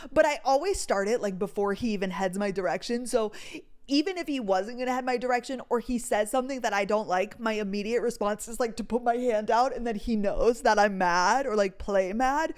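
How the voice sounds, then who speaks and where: A young woman hosting a casual chat show, telling a story in an animated way, full of "like" fillers and swearing. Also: fairly high pitch, fairly quick. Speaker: podcast host.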